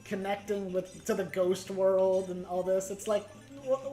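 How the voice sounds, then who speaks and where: A woman's voice: mid-range voice, fairly even intonation, unhurried, dark tone, soft background music. A woman streaming a game, telling a long, rambling, bemused story with frequent laughs. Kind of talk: casual stream commentary.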